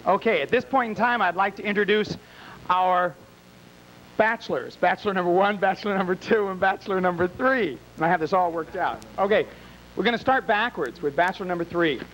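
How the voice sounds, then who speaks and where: A man's voice: sits high, a little fast, a bit bright, slight background noise, poor audio. A man emceeing a live game show in a small bar, teasing and wisecracking with the contestants and the crowd.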